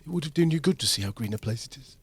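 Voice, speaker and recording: A man doing a gentle, grieving father who speaks quietly and with sorrow. The voice sits close to his own, with a soft lift on tender words. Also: mid-range voice, lively intonation, very fast, husky. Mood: sorrowful.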